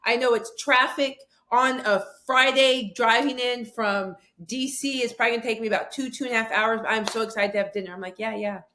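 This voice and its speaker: A woman's voice: a little high, a little fast, hardly any pauses, bright, forceful tone. A woman guest on an interview show, telling a story animatedly and acting out both sides of a conversation. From southwestern United States, near the Mexican border. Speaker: guest, author and speaker.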